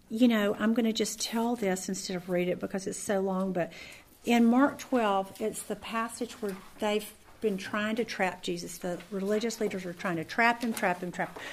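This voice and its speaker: A middle-aged woman with a medium-pitched voice leads a Bible study in a chatty, conversational way. She tells stories full of fillers and restarts.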